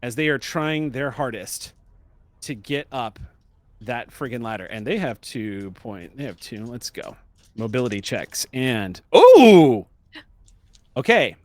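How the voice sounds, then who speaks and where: A man's voice: medium pitch, unhurried, fairly bright tone, dry recording. A man narrating and explaining rules as game master of a tabletop horror game.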